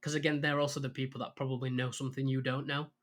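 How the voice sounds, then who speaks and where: Male podcast host, mid-pitched, easygoing and friendly. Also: level tone, fast talker, fairly bright tone. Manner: friendly, laughs along, asks set questions. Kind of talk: casual podcast interview.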